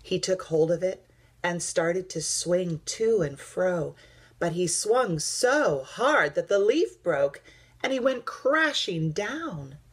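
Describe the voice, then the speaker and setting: A woman teacher reading a picture book aloud to children, gentle and expressive with hushed narration. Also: on the low side, takes it slowly, slightly rough.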